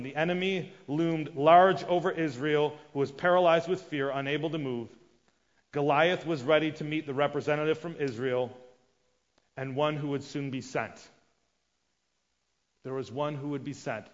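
A man preaching a sermon, shifting between loud emphatic lines and hushed asides as he acts out the people in his story. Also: mid-range voice. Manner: acts out quoted characters with sudden loud and hushed voices. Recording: dull sound with long reverb of a large hall.

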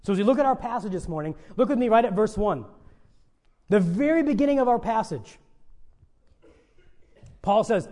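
Male pastor, higher-pitched voice, earnest pleading sermon delivery. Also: lively intonation, moderate pace, pauses often, darkish tone. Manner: earnest, pleading emphasis with dynamic swings.

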